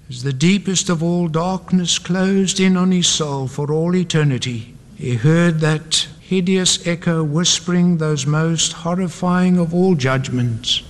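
A man's voice: fairly high pitch, a little slow. A man preaching a sermon, building up his points with dramatic repeated refrains. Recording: long hall reverb.

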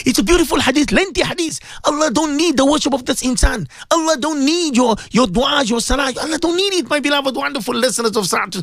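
Male radio preacher, high and animated, dry close studio sound, pleading and insistent. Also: dry recording. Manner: impassioned, pleading, repetitive. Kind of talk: radio sermon.

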